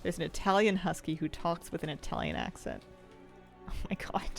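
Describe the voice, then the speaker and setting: A gravelly, mid-range voice with huge pitch swings belongs to a game streamer talking at a moderate pace. They chat while playing, answering viewers' questions aloud and laughing often over faint game music.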